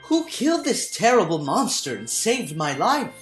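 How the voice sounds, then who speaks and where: A man's voice: high voice, sing-song, moderate pace, a bit bright, pitched above the performer's own voice. A man reading a storybook aloud, voicing an earnest young prince with urgent exclamations. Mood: amazed. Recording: roomy room, faint background music.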